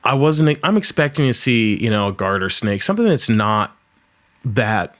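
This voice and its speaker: A man's voice: mid-range voice, normal speed. A man hosting a podcast, telling stories animatedly and acting out quotes in a casual way. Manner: animated storyteller, acts out quotes loudly. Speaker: podcast host. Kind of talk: casual conversation.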